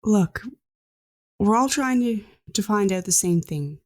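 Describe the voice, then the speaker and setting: A woman's voice: mid-range voice, animated, unhurried, pitched above the performer's own voice, close to an everyday voice. Woman doing an exasperated half-elf mage woman. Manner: terse, exasperated.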